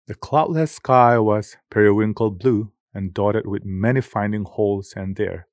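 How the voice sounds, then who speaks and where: A man narrating a children's audiobook in a measured, expressive reading. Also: fairly low pitch, no room sound. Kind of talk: scripted narration.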